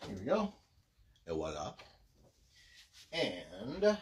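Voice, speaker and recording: A man's voice: medium pitch, huge pitch swings, unhurried, pauses often. Chatty man signing autographs live. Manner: chatty and self-deprecating, narrating what he does. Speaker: voice actor signing autographs on a livestream. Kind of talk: casual livestream chat.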